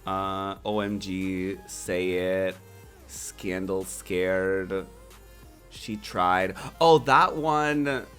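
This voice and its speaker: A streamer in their twenties chatting casually to a live chat, playful and quick to laugh. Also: deep voice, fairly bright tone, faint music behind. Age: 20s.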